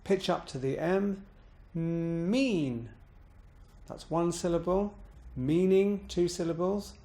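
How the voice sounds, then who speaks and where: A man coaching voice exercises, calmly explaining each step and demonstrating pitch bounces on words. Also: moderate pace. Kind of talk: instructional voice exercise demo.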